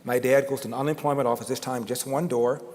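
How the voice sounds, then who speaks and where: A man's voice: mid-range voice, fairly even intonation, quick pace, darkish tone. An older man giving a storytelling speech to an audience, dramatic and building emphasis through repetition. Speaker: guest speaker. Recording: long reverb of a large hall.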